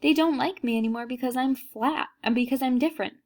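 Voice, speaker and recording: A woman's voice: high-pitched, quick pace, voice pushed up. A woman doing an earnest young boy. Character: brave flat young boy.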